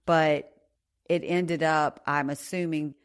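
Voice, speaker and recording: A woman podcast host casually retelling a personal story in a rambling, animated way. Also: low-pitched, slow, clear, resonant tone.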